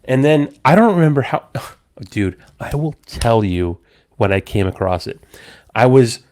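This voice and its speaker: An excited man tells a story to his friends on a podcast. His voice stays in a middle range but jumps up when he acts out what people said. He swears casually and talks in loose, rambling bursts. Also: medium pitch, a little slow. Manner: animated storyteller, swears a lot, acts out quotes. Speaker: podcast host. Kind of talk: casual chat among friends.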